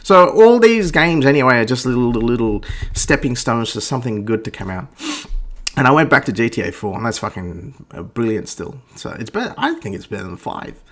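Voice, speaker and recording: Profane ranting man, mid pitch. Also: sing-song, fairly quick, a bit bright. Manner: profane, blunt, stammers and restarts. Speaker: gaming vlogger. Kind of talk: ranting game review monologue.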